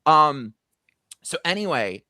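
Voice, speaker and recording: A middle-aged man, taking it slowly, hosts a casual live-stream chat and relates a long anecdote in a gossipy, storytelling way. Excitement sends his pitch swinging high. The sound is studio quality, free of echo.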